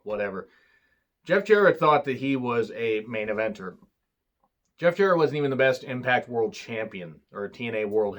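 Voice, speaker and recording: A man's voice: mid-range voice, a bit bright. Sarcastic man recapping wrestling. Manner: sarcastic, swears freely. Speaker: wrestling reviewer. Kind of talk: casual recap commentary.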